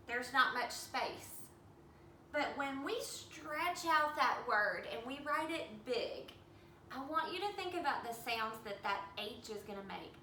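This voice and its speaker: Slow, bright-voiced teacher sounding out words. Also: female voice, high voice, a little hiss or hum. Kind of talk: early reading lesson for young children. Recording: echoey room, mic at a distance.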